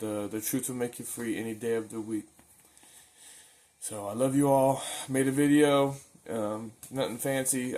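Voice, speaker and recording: A man's voice: lowish voice, darkish tone. A man talking earnestly and informally in a daily faith video, preaching in a loose, conversational way and often repeating words as he restarts his thoughts. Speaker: religious video maker. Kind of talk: casual spoken preaching.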